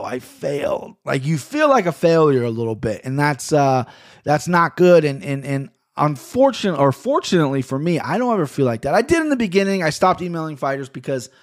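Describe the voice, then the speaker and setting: A man hosting his own podcast, rambling casually and swearing a lot as he talks into a boom-arm studio mic in his home office. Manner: rambling, profane, chatty. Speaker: podcast host. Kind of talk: casual solo podcast monologue.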